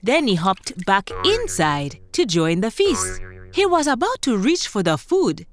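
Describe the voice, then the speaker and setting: A woman narrating a children's story in a gentle, expressive way, speaking directly to young listeners. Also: medium pitch, a little slow.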